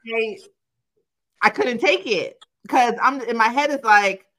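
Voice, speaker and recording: A young adult woman co-hosting a podcast, telling a personal story in casual chat, profane and animated, quoting herself and laughing often. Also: fairly high pitch, a little slow, very noisy. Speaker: podcast co-host.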